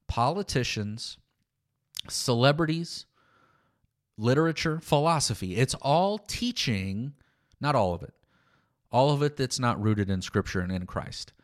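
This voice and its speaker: Lively, emphatic Christian teacher, man. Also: medium pitch. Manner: emphatic, informal, lively intonation. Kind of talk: conversational Bible teaching.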